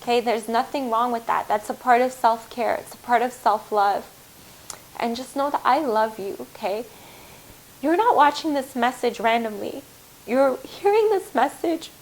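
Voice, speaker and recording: Earnest higher-voiced woman tarot reader. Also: normal speed, low-quality recording. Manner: earnest, emotional, reassuring, addresses viewers as "my loves". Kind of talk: spiritual collective reading.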